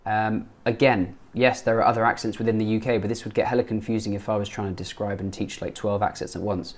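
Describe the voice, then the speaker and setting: A man with an English accent reacts to learners' clips like a friendly coach. He is playful and picky, and he slows right down to repeat each tricky word. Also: lowish voice, little pitch movement. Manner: playful, picky, repeats words slowly to model pronunciation. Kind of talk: casual teaching commentary.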